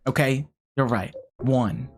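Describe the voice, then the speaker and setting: A game streamer giving casual live commentary, talking a puzzle through out loud and swearing often in frustration. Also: mid-range voice, takes it slowly, background noise.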